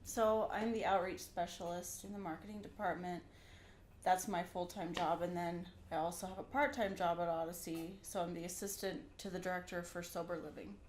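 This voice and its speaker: Woman, 30s, candid guest, lowish voice, echoey room with faint hum. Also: steady tone, a little fast, a little mellow. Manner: candid, laughs easily. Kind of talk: casual interview.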